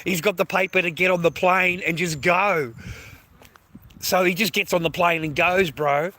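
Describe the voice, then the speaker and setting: A man's voice: high-pitched, steady tone, normal speed, sharp tone. An Australian man ranting to his viewers in a repetitive monologue, swearing heavily and calling his listeners mate and bro.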